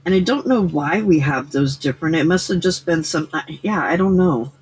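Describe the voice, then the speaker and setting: A woman's voice: deep voice, moderate pace, darkish tone, slight background noise, rough recording. An American woman hosting a late-night crafting livestream, chatting casually and rambling with frequent laughs. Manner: rambling, laughs often, self-teasing. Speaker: livestream host. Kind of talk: casual chat while crafting.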